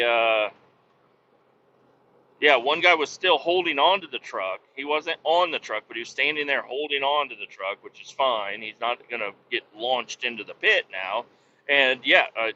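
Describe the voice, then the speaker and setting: A man's voice: mid-range voice, sharp tone. A man telling a story in a rambling, profane, exasperated way, as host of a casual podcast. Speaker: podcast host and vac truck operator. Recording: dull lo-fi sound with faint noise.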